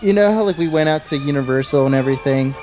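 A man's voice: fairly high pitch, fast talker, darkish tone, faint music behind. A man chatting on a podcast, telling a story with laughs and swearing. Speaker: podcast guest. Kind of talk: casual podcast chat.

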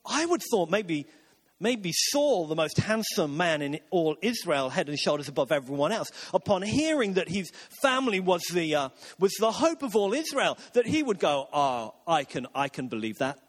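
Casting: pastor, fairly high voice, chatty rambling sermon delivery. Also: male voice, big pitch swings, moderate pace. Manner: conversational, rambling with restarts and asides.

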